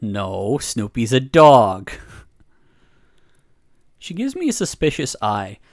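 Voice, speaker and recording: A woman's voice: rumbling low, sing-song, slow pace. A woman streamer reading a narrative game aloud, giggling and reacting between lines.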